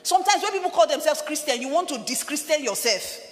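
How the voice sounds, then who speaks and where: A middle-aged woman preaching a sermon as a pastor, emphatic and shouting at her peaks. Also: expressive, quick pace. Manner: emphatic, rising to shouts and dropping low for quoted voices. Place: church hall. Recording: reverberant church hall with music.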